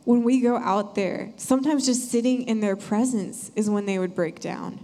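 A young woman sharing an earnest, animated church testimony. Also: medium pitch, moderate pace. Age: young adult. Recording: hall reverb.

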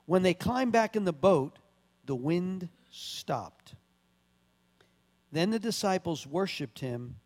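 High-voiced preaching man, reverberant hall. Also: animated, slow, long pauses, darkish tone. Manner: conversational preaching with emphatic bursts. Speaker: pastor. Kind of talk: sermon with scripture reading.

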